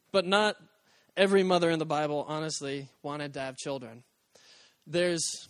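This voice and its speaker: Earnest high-voiced male pastor, dry sound. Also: dry recording. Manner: earnest, conversational, acts out quoted voices. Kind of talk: sermon.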